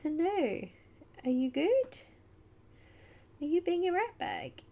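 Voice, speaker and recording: A woman's voice: very high voice, wildly swooping pitch, slow, gravelly, dark tone, highs cut off. An Australian woman hosting a casual livestream, chatting away and greeting viewers by name. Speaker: livestream host.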